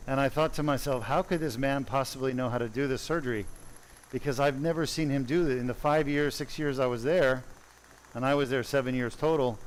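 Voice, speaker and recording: Man, neurosurgeon, conversational storytelling, digressive asides, mid pitch, faint background noise. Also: poor audio. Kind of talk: storytelling on a livestream.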